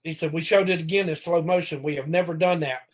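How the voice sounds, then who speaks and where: A man, a former pro wrestler, telling stories as a podcast guest in a casual, profane, animated way that acts out the quotes. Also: on the high side, fast. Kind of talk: casual storytelling.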